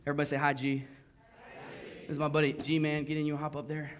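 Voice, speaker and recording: A man preaching from a church stage, telling stories with playful, self-mocking humor. His voice sits a little above the usual male range, and his delivery stays animated and conversational. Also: fairly high pitch, fast. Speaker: pastor. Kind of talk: sermon. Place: church stage before a congregation.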